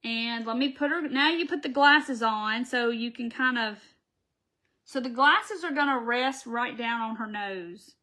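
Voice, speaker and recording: A woman walks viewers through a craft project on a live stream. Her voice is bright and sits a little high, and her manner is chatty and folksy, full of asides to the people watching. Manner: chatty, folksy, talks to viewers as she works. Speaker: craft channel host.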